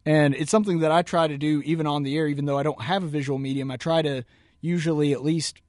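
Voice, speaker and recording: Give me a man with a Southern US accent doing argumentative political commentary, dry and slightly high-voiced. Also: fairly even intonation, quick pace, darkish tone, no echo. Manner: argumentative, repeats words for emphasis. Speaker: radio show host. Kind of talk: political commentary reacting to a video.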